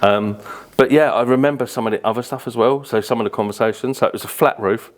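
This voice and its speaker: British man, podcast guest, quick rambling storytelling, casual swearing, rapid pace. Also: medium pitch. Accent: British English. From Birmingham, England. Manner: rambling anecdotes, frequent fillers and casual swearing.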